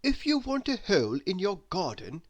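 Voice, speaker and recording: A woman voicing a calm, clever, modest worm who speaks matter-of-factly in a storybook reading. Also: mid-range voice, moderate pace.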